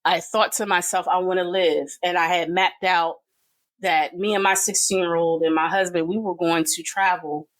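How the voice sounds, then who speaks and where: A middle-aged woman speaking as a podcast guest, giving an earnest and emotional personal testimony with pauses and fillers. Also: lowish voice, fairly even intonation, rough recording.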